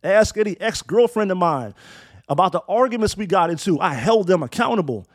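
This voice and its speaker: A man's voice: high voice, animated, brisk, no room sound. A man in his thirties giving a blunt, profane opinion monologue and telling a story from his own life. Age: 30s. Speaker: commentator.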